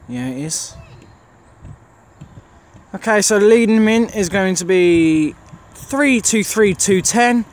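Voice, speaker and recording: A man vlogging at a railway station, casually calling out arriving trains, services and unit numbers and correcting himself as he goes. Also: high voice. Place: outdoors on a railway station platform. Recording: loud outdoor station noise.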